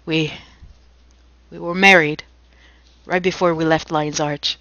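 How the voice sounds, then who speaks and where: A woman's voice: deep voice, steady tone, takes it slowly, pauses often, bright, forceful tone, no echo, rough recording. A woman co-hosting a podcast, reading a novel aloud in a casual way with acted quotes and jokey asides. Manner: reads with acted quotes, breaks off laughing.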